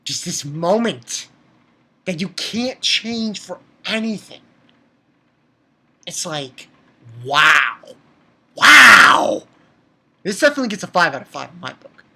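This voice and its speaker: A man with a voice that sits high walks through an anime episode at a measured pace, pausing often. He's excitable and casual, cursing and fumbling with fillers and restarts.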